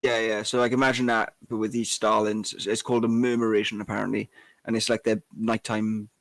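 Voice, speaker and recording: A man's voice: lowish voice, little pitch movement, a little fast, fairly bright tone, no echo, low-quality recording. A man co-hosting a casual podcast chat, rambling with lots of fillers and restarts. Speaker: co-host.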